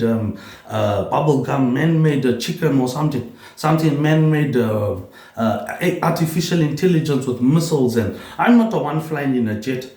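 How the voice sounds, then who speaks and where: A man rambling through a solo vlog monologue, repeating words and tagging his lines with a low "mate, eh". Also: darkish tone. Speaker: vlogger. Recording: roomy echo.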